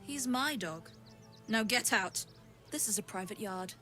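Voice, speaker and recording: A woman's voice: medium pitch, lively intonation, measured pace, sharp tone, soft background music. A woman voicing a harsh, possessive courier who owns a dog, in video game dialogue, curt and domineering.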